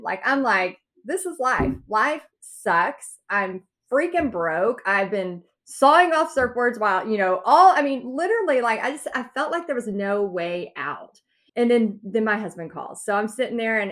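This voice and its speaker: In a podcast interview, a woman guest tells her own story at a moderate pace, her medium-pitched voice animated and a bit bright. She acts out quotes with big swings in her voice.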